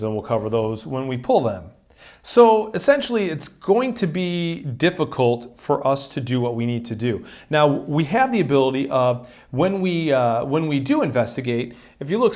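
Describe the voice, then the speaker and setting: A man hosting a solo card game playthrough, chatting casually as he explains the rules step by step. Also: mid-range voice. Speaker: solo board game player and host. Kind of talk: casual tabletop game tutorial.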